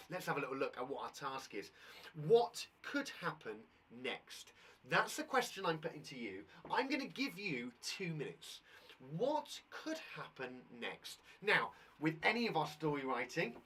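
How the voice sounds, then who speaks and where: A British primary school teacher gives a live online lesson to young children at home, his voice a little husky and fairly high, heard far from the mic. His animated speech rises and falls a lot, and he reads the story aloud slowly.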